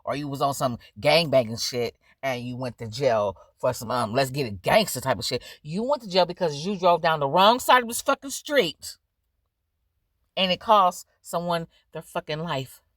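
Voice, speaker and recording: A young adult woman hosting a reaction video, giving blunt, profane, animated commentary in casual chat. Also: sits low, moderate pace, dry recording, clean studio sound.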